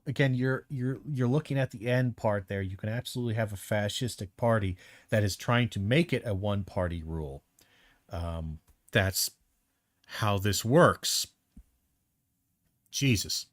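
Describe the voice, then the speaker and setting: A man's voice: lowish voice, normal speed, no echo. Indignant, blunt male streamer. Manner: indignant, blunt, swears freely. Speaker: streamer reacting to a debate clip. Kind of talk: heated commentary.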